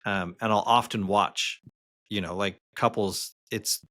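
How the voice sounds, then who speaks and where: A man, a therapist co-hosting a podcast, speaking in a loose, relaxed way with lots of fillers. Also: on the low side, unhurried, dry recording. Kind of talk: casual podcast discussion.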